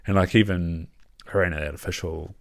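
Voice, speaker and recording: A young man hosts a casual podcast chat, speaking candidly in a low, steady voice with vocal fry at a normal pace. He laughs often and swears freely.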